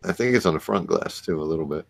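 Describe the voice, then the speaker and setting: A man with a very low voice, easygoing and curious, asking friendly questions. He sounds like he is on a casual video call. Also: lively intonation, fast, creaky. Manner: easygoing, curious, chuckles often.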